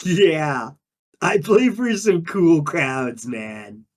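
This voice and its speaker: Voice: medium pitch, very animated, extremely slow, full character voice. A performer playing a laid-back undine monk who talks in drawling surfer slang, in an improvised in-character interview. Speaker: player character.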